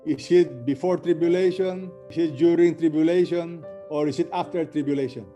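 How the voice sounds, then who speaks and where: A man's voice: fairly high pitch, fairly even intonation, normal speed, warm tone, soft background music. A man closing a sermon, earnestly urging the listeners to be ready. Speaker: preacher.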